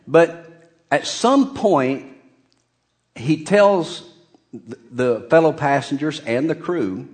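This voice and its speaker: Animated, slow-speaking man preaching a sermon. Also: a little high. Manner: lively and animated, with bursts of emphasis and chuckles. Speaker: pastor.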